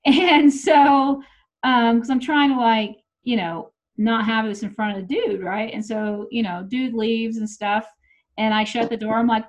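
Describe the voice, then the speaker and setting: Speaking at a moderate pace in a slightly high voice, a middle-aged woman chats casually about her own experience. She curses a lot and animatedly plays out the quotes. The recording sounds muffled and low quality.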